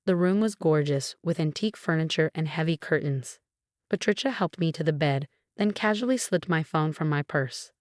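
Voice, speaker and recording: A woman's voice: deep voice, fairly quick, dry recording, studio quality. A woman narrating a first-person revenge story in an emotional, dramatic storytelling manner.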